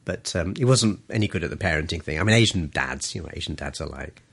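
A man's voice: a bass voice, expressive, fast, vocal fry, husky. A middle-aged man, a journalist and author, telling self-deprecating, humorous stories in a casual interview. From grew up in Malaysia and London. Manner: humorous, self-deprecating anecdotes with frequent laughs.

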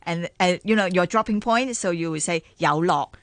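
A woman's voice: lowish voice, dry recording. Woman chatting casually. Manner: halting, many fillers, joking. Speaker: co-host. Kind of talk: casual chat.

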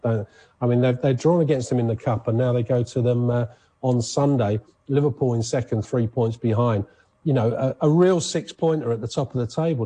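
A man's voice: mid-range voice, husky. A man presenting sports news in a chatty, conversational way on radio. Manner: chatty, conversational, animated asides.

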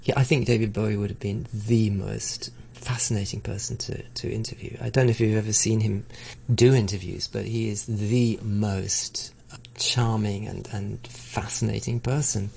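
A man's voice: fairly low pitch, little pitch movement, moderate pace, vocal fry, dark tone, a little hiss or hum. A middle-aged man in a conversational interview, talking reflectively with frequent restarts and stammered repeats. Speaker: interviewee, arts broadcaster.

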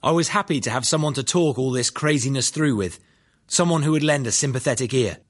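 A man's voice: mid-range voice, a little fast. A man narrating his own life story in a dry, plain-spoken first-person audiobook reading. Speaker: memoir narrator.

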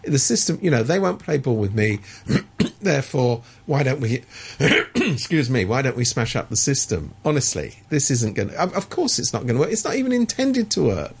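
Sardonic male pundit, gravelly and husky, emphatic with frequent restarts. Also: medium pitch, big pitch swings, normal speed. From Hong Kong resident. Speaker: political commentator. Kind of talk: opinionated discussion.

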